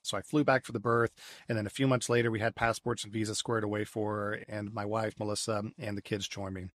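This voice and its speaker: Man telling a lively story. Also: fairly low pitch, quick pace, no room sound, clean studio sound. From United States. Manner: lively storyteller, repeats words as he restarts. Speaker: podcast guest. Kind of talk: storytelling in a conversational interview.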